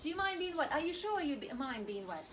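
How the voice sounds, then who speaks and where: A woman with a high voice presents a children's object lesson in a chatty, playful way. She acts out exaggerated worry and trips over small restarts, with faint noise in the background. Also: very animated, fast talker.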